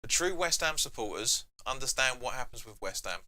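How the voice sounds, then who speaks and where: A man's voice: mid-range voice, lively intonation, fairly quick, bright, forceful tone. A man hosting a live football watch-along, chatting casually and reading viewer comments aloud between reactions to the match. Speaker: fan channel host.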